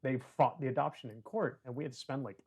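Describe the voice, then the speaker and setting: A man of medium pitch chats as a guest on a conversation podcast and tells long personal stories. His talk is loose and full of "you know" and restarts. He acts out the voices of the people in his stories and throws in dry, self-mocking jokes. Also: fast, darkish tone. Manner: chatty, many "you know" fillers, acts out quoted voices; wry, self-deprecating humor. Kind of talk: casual conversational storytelling.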